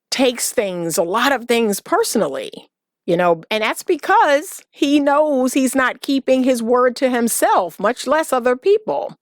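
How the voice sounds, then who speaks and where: A woman's voice: mid-range voice, no room sound, studio quality. A woman relationship coach giving emphatic advice to camera, repeating key words for stress. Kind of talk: direct-to-camera advice talk.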